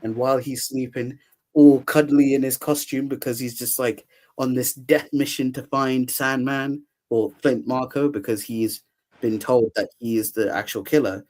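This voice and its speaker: A young adult man with a mid-range voice hosts a podcast at a normal speed, casually recapping a film. He's animated, laughs a lot and acts out quotes from the movie.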